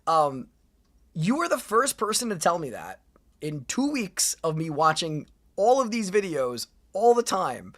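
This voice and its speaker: An excitable woman streamer in casual reaction chat. Her voice swings widely in pitch as she rants in rising outbursts.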